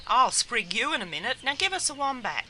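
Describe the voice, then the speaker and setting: A man's voice: very high-pitched, sing-song, brisk, bright, forceful tone, a little hiss or hum, pitched above the performer's own voice, exaggerated voice. A man voicing a bossy, cheeky Australian woman in a comedy skit, with an Australian accent. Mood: sassy.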